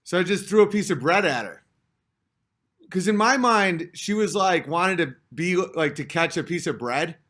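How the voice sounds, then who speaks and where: A man with a slightly higher-than-usual voice rambles through comic stories on his livestream. He is chatty and self-mocking, and keeps slipping into other people's voices when he quotes them. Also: expressive, moderate pace, fairly bright tone. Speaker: comedian hosting a livestream.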